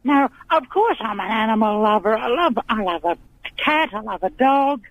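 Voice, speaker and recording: Fields: Figure: gushing grand old lady caller played by a man. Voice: very high. Line: dull phone. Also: lively intonation, moderate pace. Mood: flirtatious. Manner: gushing, talks over the host, calls him darling. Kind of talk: comic phone-in character.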